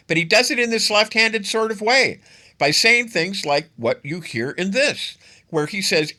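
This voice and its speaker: A man hosting his own political commentary show, talking in a bright, forward voice. He leans hard on his points and repeats phrases to drive them home. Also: sits high, expressive, moderate pace. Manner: emphatic, repeats phrases for stress.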